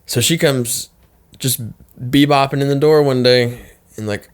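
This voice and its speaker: A man telling a story as a podcast guest, in casual chat. He swears a lot, rambles with fillers and restarts, and his pitch jumps up when he quotes his own angry words. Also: fairly even intonation, unhurried, smooth. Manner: profane, rambling retelling with many fillers and restarts; pitch jumps high when quoting himself in anger.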